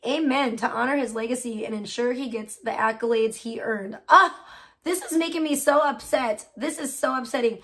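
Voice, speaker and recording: A woman hosting a live stream in a somewhat high voice. She reads a petition aloud and reacts with strong feeling. She swears freely when her computer acts up. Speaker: livestream host. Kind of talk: casual livestream chat, reading a petition aloud.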